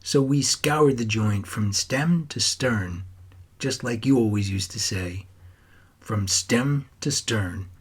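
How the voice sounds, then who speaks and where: A man's voice: medium pitch, takes it slowly, breathy edge. A man voicing a troubled teenage boy who writes and talks to his grandfather in an earnest, wistful way.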